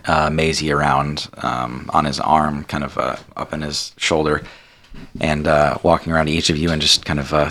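A man narrating as game master in a tabletop game, relaxed and full of fillers. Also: extremely low pitch. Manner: relaxed, hesitant with many fillers.

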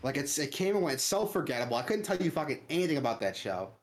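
A man's voice: a little high, very animated, fast talker. A man co-hosting a casual gaming chat, ranting loosely with lots of swearing and filler "like". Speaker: podcast co-host.

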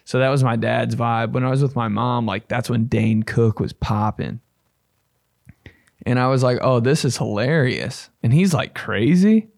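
A young man hosting a podcast, chatting casually in a loose, profane, rambling way with bursts of excitement. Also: medium pitch, a little slow, vocal fry, no room sound, studio quality. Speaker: podcast host. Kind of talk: casual chat.

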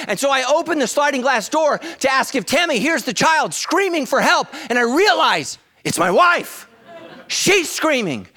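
A middle-aged man, a pastor, preaching an animated comic sermon full of storytelling, shouts and acted voices. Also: very high-pitched, a little fast, no echo.

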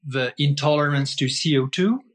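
A man's voice: on the high side, normal speed. A man being interviewed as a guest, teaching in an emphatic, repetitive way and often asking himself rhetorical questions. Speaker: guest breath-holding teacher. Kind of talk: explaining in conversation.

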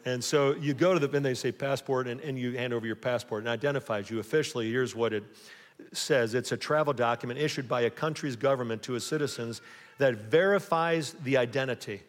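A man preaching a sermon in a church sanctuary, from the United States, with rising emphasis and questions he puts to the congregation. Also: mid-range voice. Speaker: pastor. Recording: long reverb of a church hall.

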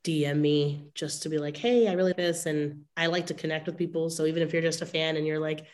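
Low-voiced bubbly young woman. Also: steady tone, fast, darkish tone. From Las Vegas. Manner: bubbly, chatty, laughs easily. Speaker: guest artist. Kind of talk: casual chat.

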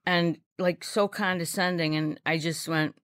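A woman comedian telling stories in a casual interview, sarcastic and deadpan, acting out people she quotes. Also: fairly low pitch, a little slow, dry recording. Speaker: guest comedian. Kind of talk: casual chat with acted-out quotes.

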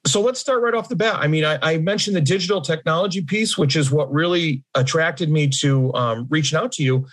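A man's voice: fairly high pitch, a little fast, hardly any pauses, fairly bright tone. A man hosting a podcast interview, reading a guest introduction and then chatting in a friendly, slightly formal way, laughing easily. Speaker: podcast host.

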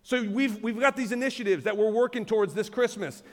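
A man, a pastor preaching a sermon in a conversational, animated way with asides to the congregation. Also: high-pitched, fairly quick, in a large hall. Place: large church auditorium.

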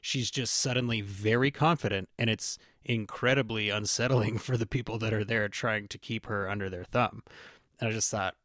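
A man hosting a podcast in a casual, animated way, laughing often and acting out lines he quotes. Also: fairly low pitch, moderate pace, no room sound, studio quality. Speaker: podcast host. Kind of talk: casual chat.

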